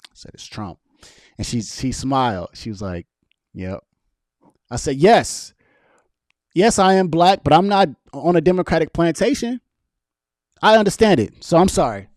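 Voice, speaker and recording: A young man hosts a casual political livestream, talking straight to his viewers and firing back at their chat comments. His voice sits a little high and his delivery is animated and argumentative. The sound is dry, with little room echo. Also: normal speed, pauses often. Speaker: political vlogger reading live chat.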